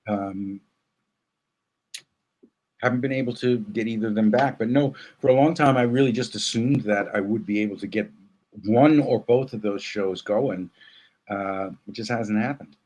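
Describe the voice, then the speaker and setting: A man speaking as a guest in a casual interview, thoughtful and halting, with many fillers and restarts. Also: on the low side, a little mellow.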